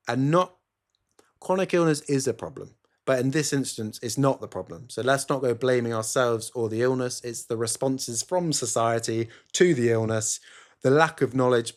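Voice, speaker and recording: A man hosting a solo podcast, rambling and sarcastic, recorded on a phone camera indoors. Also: medium pitch. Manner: sarcastic, rambling, self-interrupting. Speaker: podcast host.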